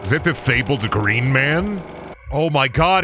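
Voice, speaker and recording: A man's voice: medium pitch, very animated, measured pace, long pauses, over music. A young man streaming a game, chattering goofily and crudely to his chat. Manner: goofy, crude, talks to chat. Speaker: gaming streamer. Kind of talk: casual game commentary.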